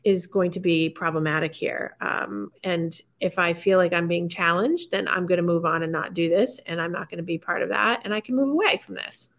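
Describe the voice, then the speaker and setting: A woman's voice: fairly low pitch, fairly quick, few pauses, fairly bright tone. A woman hosting a live show, talking in a chatty, rambling way with many fillers and restarts. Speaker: show host. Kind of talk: casual chat on a live show.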